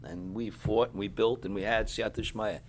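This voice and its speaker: A middle-aged man speaking as a rabbi, giving a sermon to yeshiva students, clearing his throat often, repeating for emphasis, and sounding tired. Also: fairly low pitch, fairly even intonation, moderate pace, slight background noise.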